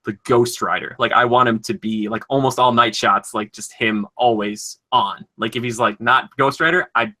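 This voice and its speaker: A man co-hosting a podcast, talking casually and enthusiastically, full of "like" and quick asides. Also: mid-range voice, steady tone, bright, forceful tone. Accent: Minnesotan. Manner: enthusiastic, rambling, lots of "like". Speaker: podcast co-host. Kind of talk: casual chat.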